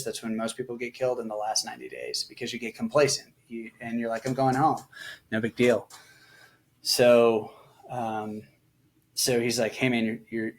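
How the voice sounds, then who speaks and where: A middle-aged veteran appears as a podcast guest, sharing personal stories candidly and reflectively in casual conversation. His mid-range voice is full of filler words and shifts slightly when he quotes people.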